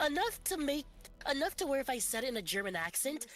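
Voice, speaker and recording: A woman's voice: high-pitched, big pitch swings, fast talker. A woman guest on a game livestream, chatting casually and rambling with restarts. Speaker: guest streamer.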